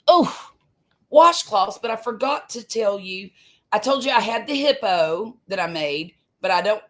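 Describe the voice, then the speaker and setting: A woman's voice: medium pitch, a bit bright. A woman, hosting a homey, chatty live stream from home, laughing easily and trailing off into fillers. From US Gulf Coast. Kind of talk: casual live-stream chat. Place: home room.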